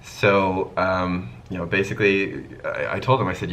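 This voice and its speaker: Low-voiced man telling a casual story. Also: normal speed, slight background noise, poor audio. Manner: animated storytelling, acting out the dialogue. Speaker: YouTube host.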